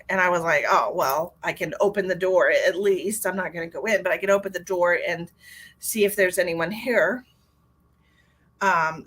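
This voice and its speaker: A woman's voice: on the low side, fairly bright tone, breathy edge. A middle-aged woman, a psychic medium, chatting casually on a live stream and telling a story. She laughs often and greets viewers by name.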